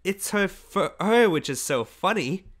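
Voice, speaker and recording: A man reading aloud voices a coy, giggling young woman in love, speaking slowly. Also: a little high, bright, forceful tone.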